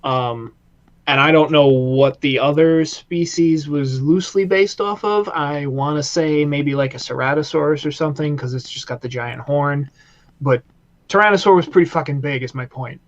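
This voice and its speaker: An excitable man with a somewhat high voice, chatting on a review podcast and swearing freely. His recording sounds dull and lo-fi. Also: moderate pace. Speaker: podcast co-host. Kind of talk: casual review chat.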